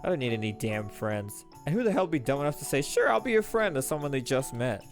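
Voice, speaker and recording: A man voicing a rude, jaded village boy who talks in a gruff, dismissive way and swears. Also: medium pitch, big pitch swings, fast, soft background music.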